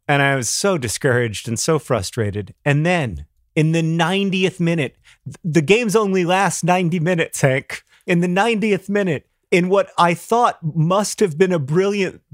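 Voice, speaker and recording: A man's voice: fairly high pitch, normal speed, no echo. Man, podcast co-host, casual chat, wry, rambling restarts, dry close sound. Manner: wry, rambling with self-corrections.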